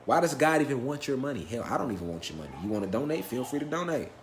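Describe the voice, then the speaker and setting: Man, spiritual lecturer, live class, profane, emphatic, rhetorical questions, mid pitch. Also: sing-song, very fast, echoey room, slight background noise. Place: lecture room with a live audience.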